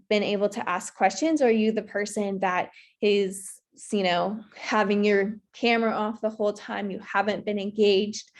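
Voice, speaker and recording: A woman of average pitch gives a presentation in a virtual workshop. She speaks earnestly, with many "you know" fillers, as she gives advice. The audio comes through a video call mic. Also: darkish tone.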